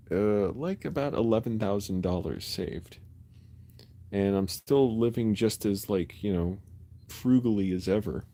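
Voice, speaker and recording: A man with a low, warm, mellow voice talks casually into a phone held close. He rambles through his thoughts with plenty of ums and restarts, like a late-night live-stream chat from his bedroom. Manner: rambling, chatty, many fillers and restarts.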